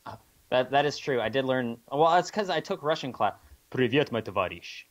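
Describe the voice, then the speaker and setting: A man co-hosts a podcast, talking loosely with a lot of swearing and many ums and uhs. His voice sits at a middle pitch, and the recording sounds a little dull and lo-fi. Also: expressive, brisk. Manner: loose and profane, many fillers. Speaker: podcast co-host. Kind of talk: casual podcast chat.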